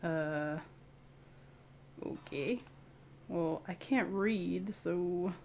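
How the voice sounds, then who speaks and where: Giggly woman narrating a game slowly. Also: fairly low pitch, very animated, a little hiss or hum. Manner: playful and giggly, chatting to herself. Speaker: gaming video creator. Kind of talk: casual let's-play commentary.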